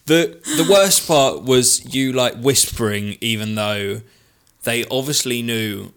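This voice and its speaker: A man's voice: medium pitch, slow, fairly bright tone, clear, resonant tone. A young man chats on a podcast in a studio, building his case in a teasing, mock-aggrieved tone. His voice sits in an ordinary middle register. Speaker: podcast co-host. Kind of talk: casual chat.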